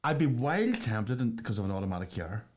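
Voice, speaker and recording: A man, co-hosting a comic podcast with quick banter. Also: sing-song, a little mellow. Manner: quick banter, wide-swinging pitch. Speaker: podcast co-host.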